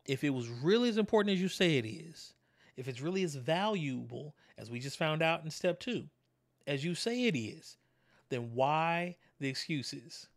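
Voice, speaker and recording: A man's voice: a little high, animated, normal speed. A man hosting a motivational video, talking straight to his viewers, firing rhetorical questions at them and repeating key words for emphasis. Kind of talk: motivational talk to camera.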